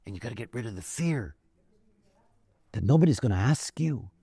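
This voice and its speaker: A man's voice: mid-range voice, expressive, moderate pace, vocal fry, mellow, slightly rough, dry recording. A man giving a conversational lecture, wandering into stories with many fillers and asides. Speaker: teacher of a spiritual system. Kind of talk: lecture with storytelling.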